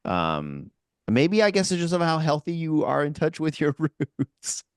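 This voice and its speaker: Male podcast co-host, easygoing and rambling, smooth voice, bouncy intonation. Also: on the high side, big pitch swings, measured pace, no room sound, clean studio sound. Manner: easygoing, rambling, full of filler words. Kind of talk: casual chat.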